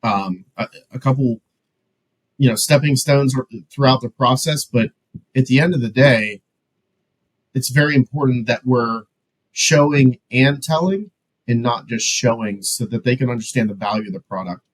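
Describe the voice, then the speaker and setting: A man co-hosting a casual tech business show, talking in a relaxed, loose way. His voice is husky and a little grainy, pitched in an ordinary middle range. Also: normal speed, poor audio. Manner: relaxed, rambling with fillers and restarts. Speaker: co-host. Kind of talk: casual business podcast chat.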